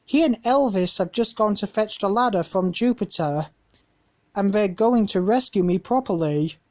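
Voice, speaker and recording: A woman's voice: medium pitch, normal speed, close to an everyday voice. A woman voicing an eager, spirited young girl in a storybook reading. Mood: cheerful. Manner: excited, pleading.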